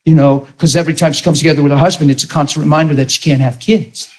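Man, middle-aged, preaching sermon, fairly high voice, animated storytelling. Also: brisk, hardly any pauses. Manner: animated, rises to near-shouting when retelling a story.

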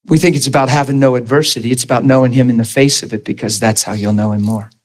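A man in his thirties or forties preaching a personal testimony as a story, animated, laughing often and acting out the scenes. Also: mid-range voice, fast.

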